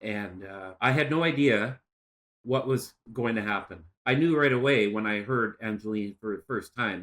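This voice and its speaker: A man in his sixties, a podcast guest telling an emotional personal story in a soft, halting way with pauses and restarts. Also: fairly low pitch. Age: 60s.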